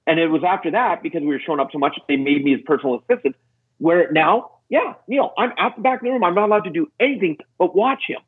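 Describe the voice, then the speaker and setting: Over a tinny phone-like connection, a middle-aged male podcast guest speaks fast with a breathy edge. His storytelling is animated, full of acted-out quoted voices and lively pitch leaps.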